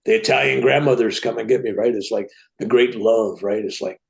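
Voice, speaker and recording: Gravelly older man telling a story. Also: fairly low pitch, a little fast. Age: 70s. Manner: animated, tag questions like "right?". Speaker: guest. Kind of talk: personal storytelling.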